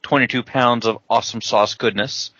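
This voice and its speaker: A man's voice: mid-range voice, fairly even intonation, normal speed, sharp tone, no room sound. A man co-hosting a gaming podcast in casual chat, telling stories with wisecracks. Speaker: podcast co-host, soldier. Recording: dull, lo-fi podcast audio.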